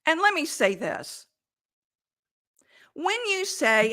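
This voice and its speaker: A woman sales coach giving advice in an emphatic, deliberate way. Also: sits high, very animated, pushed and bright. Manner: emphatic, deliberate delivery with quoted examples. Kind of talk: coaching monologue.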